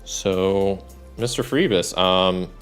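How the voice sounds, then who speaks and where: A man's voice: deep voice, slow pace, clean tone, faint music behind. A man narrating his own solo tabletop game, thinking aloud and rolling dice, with a rambling manner full of fillers. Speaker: solo game master and player.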